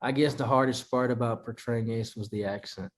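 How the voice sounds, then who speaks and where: A young man from the Philippines with a Filipino accent, answering interview questions in a relaxed, chatty way with lots of fillers. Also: medium pitch, brisk. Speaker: actor guest at a press conference. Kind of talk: casual interview answers, mixing English and Filipino.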